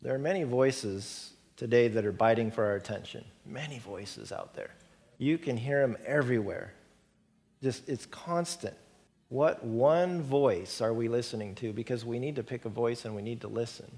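A man's voice: mid-range voice, moderate pace, a little mellow. A middle-aged male pastor giving a conversational sermon, repeating words for emphasis and lifting his voice on key points. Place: church sanctuary.

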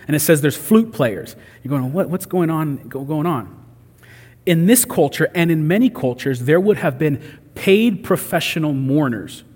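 A man's voice: fairly high pitch, a little mellow, slightly rough, big-room sound. A man preaching a sermon in a conversational way, acting out the voices he quotes. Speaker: pastor.

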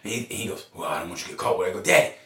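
Speaking at a racing clip in a low voice, a man guesting on a podcast tells animated stories, swears without restraint and imitates whoever he's quoting. The mic is far from him, and the room echoes.

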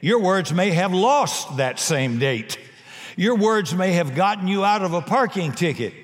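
A man's voice: high voice, lively intonation, a little slow. Preaching man in a reverberant church hall. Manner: emphatic preaching with humorous asides. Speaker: pastor. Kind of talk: sermon.

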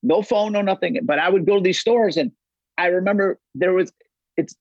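A man's voice: high-pitched, normal speed, dry recording, muffled recording. A middle-aged man from the Los Angeles area, chatting casually as a podcast guest in a rambling way, full of restarts and swearing. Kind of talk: casual chat.

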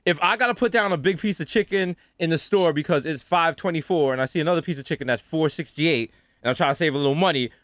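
A man's voice: fairly high pitch, fast, no room sound, clean studio sound. A man co-hosting a podcast in casual chat, telling stories with lots of energy and acting out the people he quotes. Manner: animated storyteller who acts out quoted people. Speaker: podcast co-host.

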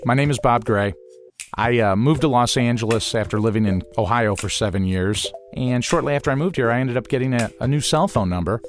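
A man telling a personal story in a casual, animated way, mimicking the voices of people he quotes and chuckling now and then. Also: mid-range voice, a little fast, slight background noise.

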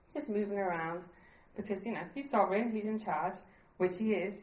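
A woman's voice: medium pitch, brisk, a little mellow, echoey room, low-quality recording. A woman preaching a sermon in an earnest, conversational way, laughing at herself now and then.

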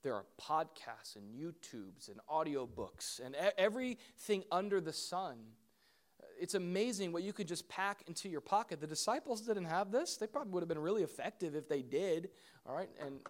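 A middle-aged man, a pastor, preaching a sermon in an animated way, with questions and asides to the congregation. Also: fairly high pitch, moderate pace.

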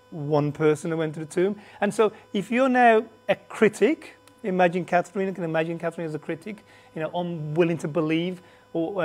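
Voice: mid-range voice, a little mellow. A preacher teaching a Bible class to a live group, conversational, with restarts and asides, who often and emphatically puts questions to the audience and has a slight cough. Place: standing before a group in a meeting room.

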